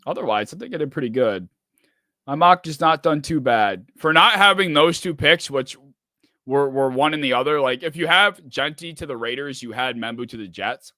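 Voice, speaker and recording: Bright-voiced man ranting on a stream. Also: mid-range voice, expressive, moderate pace, dry recording, clean studio sound. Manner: frustrated swearing, rambling rants. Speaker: streamer host. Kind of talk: live draft reaction stream.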